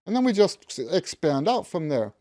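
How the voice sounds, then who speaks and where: A man's voice: high-pitched, sing-song, normal speed, warm tone. A man in his fifties teaching a practice method, stressing key words and humming notes as he explains. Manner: emphatic, repeats key words, hums note syllables. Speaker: music teacher. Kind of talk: instructional talk to camera.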